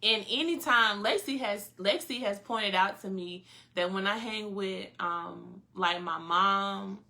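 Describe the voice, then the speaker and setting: A woman from North Carolina with a Southern accent, co-hosting a podcast in a relaxed, casual chat and laughing often. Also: mid-range voice, measured pace, vocal fry. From North Carolina, USA. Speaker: podcast co-host.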